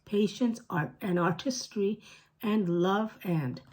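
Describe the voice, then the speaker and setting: A woman reading a storybook aloud, voicing a fussy, proper female spider in a squeaky, indignant voice. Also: takes it slowly, darkish tone.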